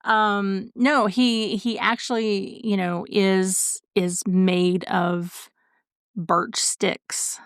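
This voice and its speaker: A woman co-hosting a podcast in casual chat, easygoing and quick to giggle. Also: medium pitch, level tone, clear, resonant tone, dry recording, clean studio sound. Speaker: podcast co-host.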